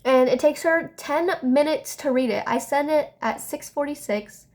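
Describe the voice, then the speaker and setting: A woman's voice: sits high, moderate pace, a little mellow. A woman podcast host telling a story in a heated, sarcastic rant and reading out text messages in a mocking tone. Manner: heated and sarcastic, recounting a fight.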